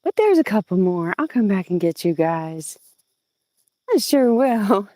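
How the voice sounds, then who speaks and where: A woman from southeastern Virginia with a Southern accent chats casually and animatedly to viewers while walking her outdoor home garden, cooing at plants and greeting people. This gardening vlogger is on a casual live stream, her mid-range voice a little slow. The dry recording comes from an old phone.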